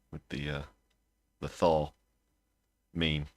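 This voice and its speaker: A man's voice: low voice, moderate pace, fairly bright tone, no echo. A British man hosting a political livestream, talking bluntly and scornfully, with fillers as he thinks aloud. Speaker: host.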